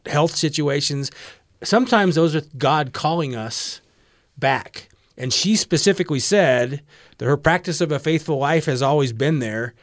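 A man's voice: mid-range voice, no echo, studio quality. Man telling a faith anecdote. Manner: conversational, anecdotal. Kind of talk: reflective faith discussion.

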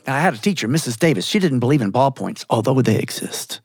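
A man from Georgia, telling a story in an animated way with chuckling asides. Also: mid-range voice, fast, few pauses, no echo, studio quality. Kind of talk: storytelling performance.

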